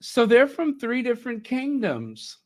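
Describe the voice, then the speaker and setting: A man hosting a channel chats casually and thinks out loud, talking directly to his viewers in a laid-back live reaction commentary. His voice is very high with huge swings in pitch, a measured pace, and a somewhat dark tone.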